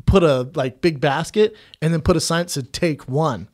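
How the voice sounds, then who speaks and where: A man's voice: a little high, moderate pace, darkish tone. A young man co-hosting a podcast, telling loose, profane stories in casual chat and laughing through them. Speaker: podcast co-host.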